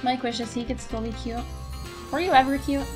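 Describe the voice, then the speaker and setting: High, giggly young woman. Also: fairly even intonation, normal speed. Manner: teasing, giggly. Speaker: let's play co-host. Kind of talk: casual teasing banter while gaming. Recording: loud game music behind.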